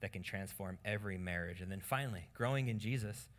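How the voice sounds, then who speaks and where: A man preaching a sermon on marriage in an animated way, acting out quoted lines in different voices. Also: lowish voice, quick pace. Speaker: pastor.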